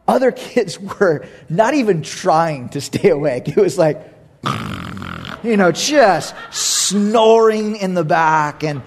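A husky-voiced man preaches a sermon, telling a story in a lively, expressive way. His pitch leaps high on exclamations and then sinks low for hushed asides, and he laughs often as he talks. His voice sits slightly high for a man. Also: unhurried. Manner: animated storyteller, swings between loud and hushed, laughs often. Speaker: pastor.

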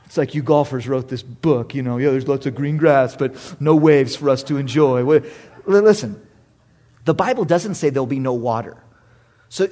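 A man in his thirties preaching a sermon, animated and humorous, jumping from loud exclamations to hushed asides. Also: fairly high pitch. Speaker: pastor.

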